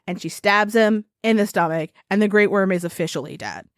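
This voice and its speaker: A woman's voice: mid-range voice, fairly quick, no room sound, studio quality. A woman co-hosting a podcast, retelling a folktale in a casual, profane, giggly way. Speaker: podcast co-host. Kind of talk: casual storytelling chat.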